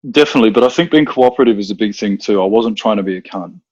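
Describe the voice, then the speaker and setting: A man's voice: fairly low pitch, rapid-fire, a little mellow, breathy edge, no room sound, lo-fi sound. An Australian man telling stories on a podcast, rambling with fillers and swearing freely. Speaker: guest, self-defense instructor. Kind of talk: casual podcast storytelling.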